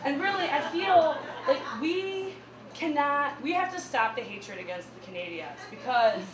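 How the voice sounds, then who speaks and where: Lively Midwestern woman doing stand-up. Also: measured pace, a crowd in the background. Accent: Midwestern American. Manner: animated, laughing, high squeals on punchlines. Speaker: stand-up comedian. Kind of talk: stand-up comedy set. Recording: echoey room with mic far off.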